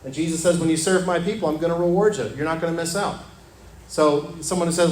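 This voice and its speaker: A man's voice: steady tone, fast talker. Earnest male pastor in an echoey church. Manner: earnest, drops to a soft low voice on scripture, repeats phrases. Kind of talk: sermon. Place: church sanctuary. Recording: echoey church room with faint ambience.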